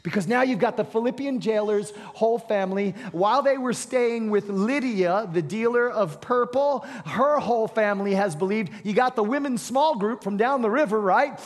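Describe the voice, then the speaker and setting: A high-pitched male pastor telling a sermon story with flair. He rises to ringing shouts, then drops to a hush. A long reverb trails his voice, as in a large hall. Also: moderate pace, few pauses. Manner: dramatic storytelling, swings from loud to hushed.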